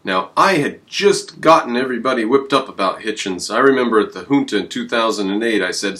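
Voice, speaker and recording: Low-voiced man, rambling and emphatic. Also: lively intonation, fairly quick, hardly any pauses, sharp tone. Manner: rambling and emphatic, with sudden jumps in pitch. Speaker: channel host. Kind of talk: casual on-camera commentary.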